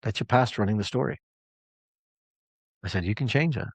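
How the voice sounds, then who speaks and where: Low-voiced man coaching a live call. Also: moderate pace, breathy edge, no echo. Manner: storytelling, emphatic, conversational. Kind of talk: live call talk to clients.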